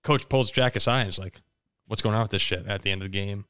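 A man's voice: fairly low pitch, quick pace, clean tone, no echo. Laughing man hosting a sports podcast. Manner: animated storyteller, laughs often. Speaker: podcast host. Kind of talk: casual sports chat.

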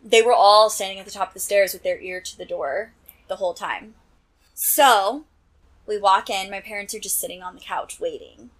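Interview guest: woman from Nebraska, mid-pitched voice, chatty storyteller who peppers every sentence with "like". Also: moderate pace, a bit bright. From Nebraska, USA. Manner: chatty, heavy use of "like" fillers. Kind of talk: casual personal storytelling.

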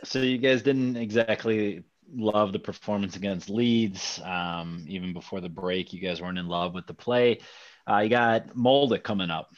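Deep-voiced man hosting a football podcast. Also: normal speed, no echo, muffled recording. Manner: hesitant, many fillers. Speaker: podcast host. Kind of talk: casual football podcast chat.

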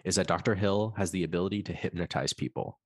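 A man's voice: low-pitched, fast, breathy edge, dry recording, clean studio sound. A man co-hosting a podcast, chatting loosely about a film, rambling and swearing as he acts out quotes. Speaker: podcast co-host. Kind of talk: casual film discussion.

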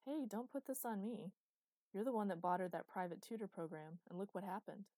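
A woman doing a gentle, easygoing pilot dad. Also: mid-range voice, a little fast, no echo, lightly acted. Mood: amused. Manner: relaxed, soft reassurance. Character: easygoing, gentle male ship pilot and father.

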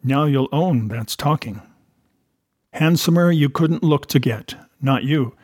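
A man voicing a one-legged old pirate cook who talks in rough sailor's dialect, wheedling and then threatening. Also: on the high side, slow, darkish tone, no room sound, clean studio sound.

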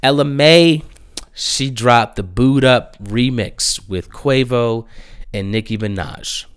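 A young man giving casual, blunt music reviews, swearing and breaking into animated, emphatic outbursts. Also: mid-range voice, takes it slowly, smooth, no echo, clean studio sound.

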